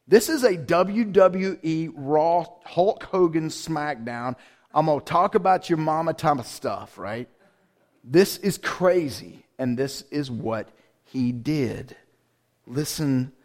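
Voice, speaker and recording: A man's voice: high voice, animated, unhurried. A man preaching a sermon, reading scripture aloud and breaking in with playful, slangy asides.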